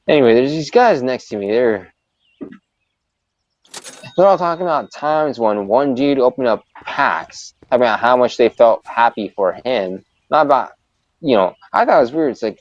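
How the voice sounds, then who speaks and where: A man's voice: medium pitch, lively intonation, moderate pace, dull audio, slight background noise. A male streamer telling a story in a casual, profane, exasperated rant. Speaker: live streamer. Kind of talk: casual storytelling while gaming.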